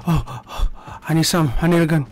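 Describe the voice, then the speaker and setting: A young man streaming a shooter game, commenting loudly with profane trash talk and sudden yelps. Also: fairly high pitch, fairly even intonation, brisk. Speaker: gaming streamer. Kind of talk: live gameplay commentary.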